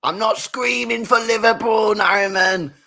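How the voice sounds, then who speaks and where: A young man hosting a live football watchalong, reacting to the match, talking to his chat and bursting into shouts and laughter. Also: high voice, a little slow. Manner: excitable, bursts into shouts and laughter, chats to viewers.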